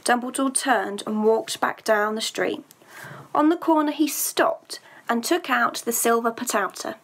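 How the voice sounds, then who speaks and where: A woman's voice: a little high, a little slow, fairly bright tone, a little hiss or hum. Woman teacher reading a story aloud.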